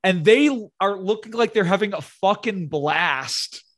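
A man's voice: sits high, measured pace, a bit bright. A man, a podcast guest, rambling casually about a movie and swearing freely.

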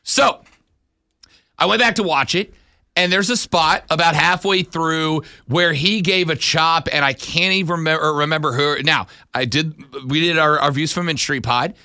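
A man on a sports talk radio show with a bright, forceful voice that sits a little high. He teases and hypes with animated energy. The studio sound is close and dry. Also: moderate pace, no echo. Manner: teasing, animated hype.

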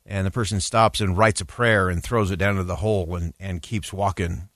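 Male speaker, lowish pitch, dry close sound, measured earnest address with "uh" fillers. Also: steady tone, a bit bright, no room sound. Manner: measured and emphatic, with frequent "uh" fillers. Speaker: public speaker on a news broadcast.

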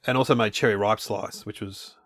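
Chatty low-voiced man. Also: a little fast, vocal fry, no echo, clean studio sound. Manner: chatty, easily excited, stammering restarts. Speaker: co-host. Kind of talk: casual chat, taste-testing snacks.

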